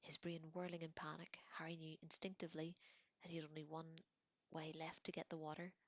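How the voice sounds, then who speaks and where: A woman reading a novel aloud in soft, close whispers as whispered role-play, with the odd slip and self-correction. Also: deep voice, level tone, a little fast, no echo, muffled recording. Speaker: audiobook reader.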